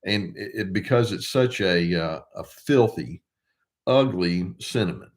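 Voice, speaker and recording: A man's voice: deep voice, expressive, a little slow. An older man, a therapist, talking casually and wryly to the camera while he thinks aloud. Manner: wry, conversational, thinking aloud.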